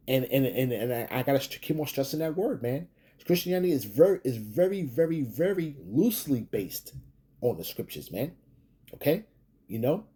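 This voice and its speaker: Husky preacher man, lively tags. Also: mid-range voice. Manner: repetitive, peppers lines with "man" and "okay?"; halting restarts, emphatic rising tags. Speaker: street preacher. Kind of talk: scripture commentary video.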